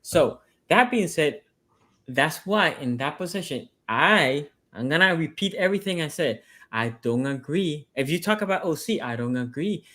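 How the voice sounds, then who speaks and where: A man in casual sports debate with a slightly high voice. He argues emphatically and hammers his points home by saying them twice. He speaks as a fan picking apart his own team's game. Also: animated, moderate pace, a bit bright. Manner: emphatic, repeats points for stress. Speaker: sports podcast panelist, team fan.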